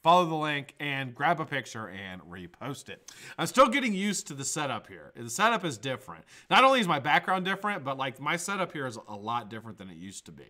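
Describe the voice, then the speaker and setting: Guy hosting a live vape stream from his apartment, super bright voice, goofs around, cusses a lot, swoopy lively pitch. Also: brisk. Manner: joking, rambling, swears casually. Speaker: host of a daily live vaping show. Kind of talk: casual live-stream chat. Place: home room with green screen.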